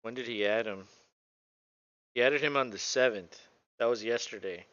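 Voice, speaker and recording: A man co-hosting a casual live football reaction show, excitable and quick to swear and laugh. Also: mid-range voice, clean tone, dry recording, lo-fi sound. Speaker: co-host.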